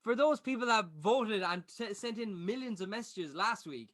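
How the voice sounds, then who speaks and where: Lad co-host, high-pitched, animated, swears freely, casual chat. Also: male voice, normal speed. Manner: swears a lot, excitable. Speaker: podcast co-host. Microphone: video call.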